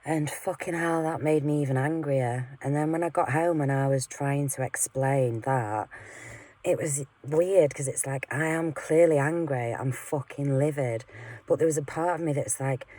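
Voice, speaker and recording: A woman in an unscripted vlog rant, swearing often and rambling with fillers as she moves between loud outbursts and muttered asides. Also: a bass voice. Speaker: vlogger. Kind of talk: unscripted personal rant to camera.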